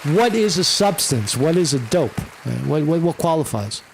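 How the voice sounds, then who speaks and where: A man's voice: on the high side, big pitch swings, normal speed, creaky, slight background noise. A man doing blunt, profane live-stream commentary, rambling and restarting as he reacts to news.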